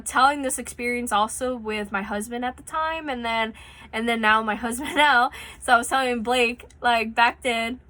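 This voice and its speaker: A young woman rambles through a personal story for her channel, talking casually and swearing freely. Her voice sits a bit high and sounds bright and crisp. It is recorded close on a phone at home. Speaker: vlogger telling a personal story. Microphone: phone mic.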